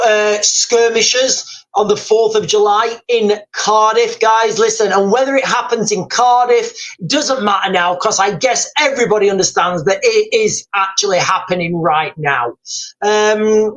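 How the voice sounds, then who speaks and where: A man's voice: sits high, fairly bright tone, low-quality recording. A man hosting a live stream, talking casually, rambling and repeating himself as he reads out viewer comments.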